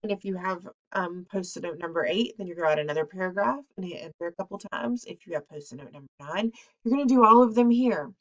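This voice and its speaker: A woman's voice: on the low side, fast talker, dull audio. Chatty woman teacher giving class instructions. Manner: chatty, with frequent ums and off-hand asides.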